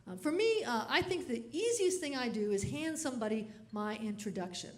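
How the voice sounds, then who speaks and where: High, laughing woman comedian on stage. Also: brisk. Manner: animated storytelling, laughing between lines. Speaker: keynote speaker and comedian. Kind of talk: comedic keynote speech.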